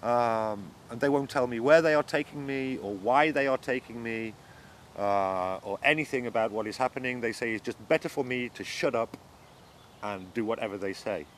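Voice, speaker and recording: A man's voice: medium pitch, moderate pace, fairly bright tone, a little hiss or hum. Shaken man giving earnest testimony. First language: not German. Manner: earnest, shaken, grows agitated. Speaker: interviewee recounting his arrest. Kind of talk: first-person testimony.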